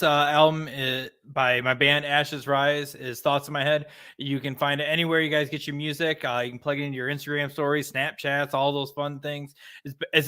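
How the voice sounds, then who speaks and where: Male band member guest, bright tone, smooth clean voice, relaxed, filler-heavy. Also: fairly high pitch. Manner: relaxed, chuckling, loose with fillers. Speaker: musician guest. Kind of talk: casual interview chat.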